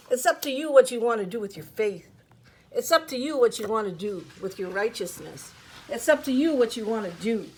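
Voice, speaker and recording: A woman's voice: mid-range voice, slightly rough, low-quality recording. A woman delivering a fervent, profane video rant that turns into preaching, repeating her calls over and over. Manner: fervent, profane, repetitive exhortations.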